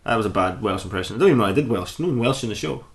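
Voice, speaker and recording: A man's voice: on the low side, expressive, very fast. A man co-hosting a podcast, chatting casually and enthusiastically, laughing a lot and swearing freely. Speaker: podcast co-host. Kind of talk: casual chat.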